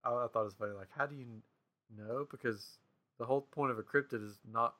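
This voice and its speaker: A man's voice: mid-range voice, quick pace, bright, forceful tone. A man hosting a casual podcast, asking easygoing questions as he chats. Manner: asks many questions, easygoing. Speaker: podcast host. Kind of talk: casual chat.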